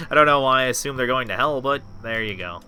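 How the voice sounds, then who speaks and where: A man's voice: mid-range voice, expressive, normal speed, pushed and bright, clean tone, faint music behind. A man giving casual gameplay commentary as a let's play host, chatting to himself, talking back at the game and swearing freely.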